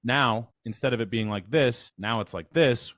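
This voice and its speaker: An energetic man coaches a group over a video call in a casual, chatty manner. His voice sits at an ordinary middle pitch for a man. The sound is dry and close, with no room around it. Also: normal speed, dry recording. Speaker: voice coach leading a workshop. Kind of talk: casual instructional talk. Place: online call.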